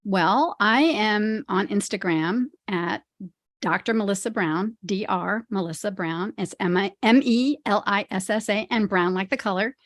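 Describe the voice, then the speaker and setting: A woman's voice: medium pitch, unhurried, no echo, clean studio sound. A friendly, chatty woman speaking as a podcast guest, who laughs easily. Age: older. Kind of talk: casual interview chat.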